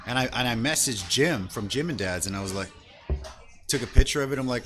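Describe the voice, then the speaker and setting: A man's voice: lowish voice, normal speed, music in the background. A man hosting a casual chat over beers, a bit tipsy, telling loose stories and acting out what people said. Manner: loose storytelling, acts out quoted people. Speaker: host.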